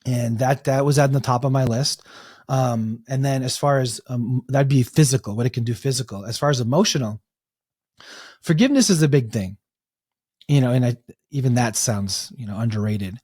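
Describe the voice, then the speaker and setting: Man, interview guest, animated storyteller, mid pitch, dry recording. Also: normal speed, breathy edge, dry recording. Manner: animated storyteller, restarts and acts out quotes. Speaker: guest, breathwork coach.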